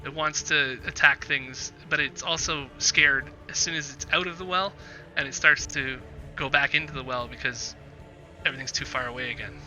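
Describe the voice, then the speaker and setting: A man's voice: medium pitch, fairly even intonation, normal speed, pushed and bright, faint music behind. A man narrating as game master in a tabletop game, describing scenes with frequent fillers and restarts.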